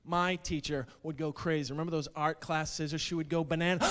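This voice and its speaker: A man doing a stand-up comedy set, wry and self-deprecating, building to loud indignant outbursts. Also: fairly high pitch, fairly even intonation, a little fast, few pauses. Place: comedy stage before a live audience. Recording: stage mic in a reverberant hall with laughing crowd.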